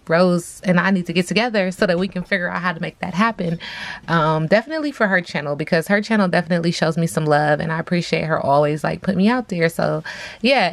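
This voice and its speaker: A woman's voice: lowish voice, dry recording. Slangy, chatty woman tarot reader. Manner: chatty, slangy and blunt, with frequent fillers. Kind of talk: casual intuitive tarot reading.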